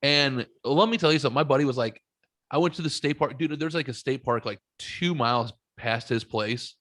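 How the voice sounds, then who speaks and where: Animated, swearing podcast host man. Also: fairly quick, dry recording. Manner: animated, swearing, jumps into high voice for quotes. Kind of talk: casual chat, storytelling.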